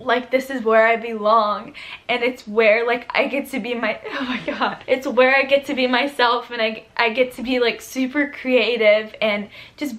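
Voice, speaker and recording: A woman's voice: a little high, normal speed. A young woman vlogger telling a personal story in a chatty way, often laughing and tearing up as she talks. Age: young adult. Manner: tearful, laughing, breathless with excitement; chatty, many fillers like "like". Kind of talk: emotional storytime vlog.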